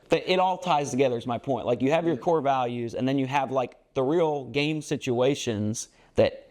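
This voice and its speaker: Man, basketball coach, podcast co-host, earnest, rambling, mid-pitched voice. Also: a little mellow. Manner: earnest, rambling, many fillers and restarts. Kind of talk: casual podcast chat.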